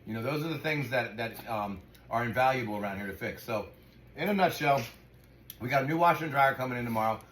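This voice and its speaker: Fast-talking, ranting man in echoey room. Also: mid-range voice, expressive, fairly bright tone. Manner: frustrated, ranting, profane. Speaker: dog sanctuary owner. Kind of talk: casual vlog talk to camera. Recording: echoey room with faint noise.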